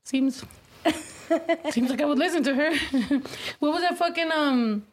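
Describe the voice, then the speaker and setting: A woman co-hosting a livestreamed podcast, talking loosely and swearing often. Her voice sits a little high for a woman. She rambles through fillers and restarts. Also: a little slow, a little hiss or hum. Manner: loose, profane, filler-heavy talk. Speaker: podcast co-host. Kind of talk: casual chat.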